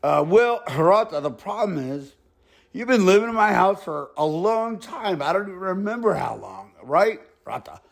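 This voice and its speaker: Man voicing a stern neighborhood boss, slow menacing delivery, voice dropped a bit lower. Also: very animated, vocal fry, exaggerated voice. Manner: slow, threatening, mixes in Spanish phrases. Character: stern middle-aged male neighborhood boss.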